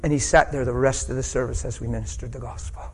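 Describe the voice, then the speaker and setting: A male preacher telling a story in a sermon, swinging from hushed asides to loud, shouted peaks. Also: mid-range voice, steady tone, fast talker, slight background noise.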